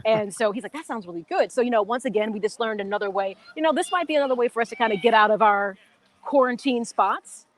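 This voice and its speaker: A woman's voice: fairly high pitch, fast talker. Chatty woman co-hosting live. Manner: chatty, fillers like "you know what I'm saying". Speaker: co-host. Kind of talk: live sports radio chat. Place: golf country club, on location.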